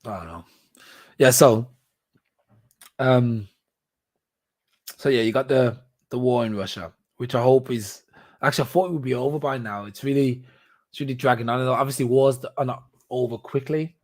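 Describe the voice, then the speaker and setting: A man's voice: mid-range voice, moderate pace, pauses often. Rambling man with fillers and laughs. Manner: rambling, animated, laughs often, many fillers and restarts. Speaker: podcast host. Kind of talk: casual solo commentary.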